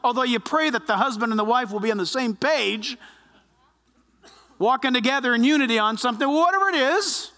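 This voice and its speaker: A man preaching a sermon, animated, often acting out the voices of those he quotes. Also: very high voice, a little fast, big-room sound. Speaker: pastor.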